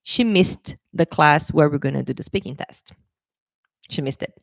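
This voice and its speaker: A woman English teacher chatting to camera, telling a story about a student in a lively, animated way with frequent laughs. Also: low voice, moderate pace, vocal fry, dry recording, studio quality. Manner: chatty, animated, laughs often, acts out quotes. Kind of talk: casual storytelling lesson to camera.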